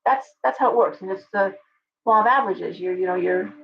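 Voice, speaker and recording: A woman's voice: medium pitch, brisk, gravelly, lo-fi sound. Opinionated woman ranting on a live stream. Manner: opinionated, ranting, speaks directly to chat. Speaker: livestream host. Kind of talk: live chat stream answering viewers.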